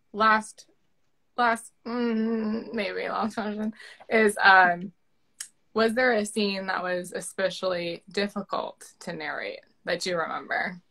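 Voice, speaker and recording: A woman's voice: mid-range voice, gravelly, a bit bright, rough recording. A woman author interviewing her narrator in casual chat, effusive and gushing, with many fillers and restarts.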